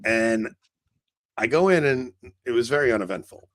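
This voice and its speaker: A podcast co-host speaks at a moderate pace in a medium-pitched voice with lively intonation. During casual chat, he tells a drawn-out, rambling story loaded with "like" fillers and acted-out lines of dialogue.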